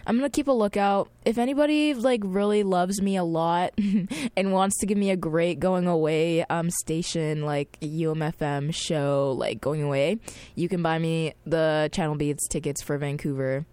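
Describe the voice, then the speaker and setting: Young woman radio host, twenty, slightly low voice, slangy excitable chat, dry close mic. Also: moderate pace, dry recording. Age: 20s. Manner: chatty, lots of fillers and slang, excitable. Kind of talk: casual on-air chat.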